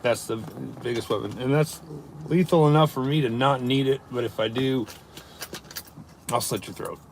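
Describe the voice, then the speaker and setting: Sitting in his work van, this male service plumber live streams, reads out viewer comments, and cracks loose jokes in a casual way. He speaks in a creaky mid-range voice over a slight hiss or hum.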